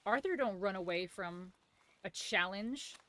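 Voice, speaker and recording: Her medium-pitched voice is animated and fairly bright, kept at a measured pace. She's a young woman streaming a game live, narrating her play with profane jokes and frequent laughter.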